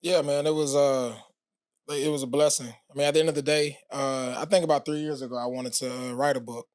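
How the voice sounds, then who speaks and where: A man talking as a podcast guest, telling his story in a relaxed way with many fillers. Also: mid-range voice, fairly quick, no echo, clean studio sound. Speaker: podcast guest, former pro football player. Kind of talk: casual interview talk.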